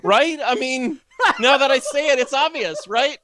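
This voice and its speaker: A man talking as a podcast guest, rambling and sardonic, with many restarts and animated asides. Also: very high voice, moderate pace. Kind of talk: casual podcast conversation.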